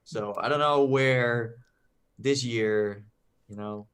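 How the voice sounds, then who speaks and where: A man's voice: mid-range voice, slow, a bit bright, clean tone. Dutch-accented male podcast co-host, casual, hesitant delivery with lots of fillers. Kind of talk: casual chat, reading out chat messages.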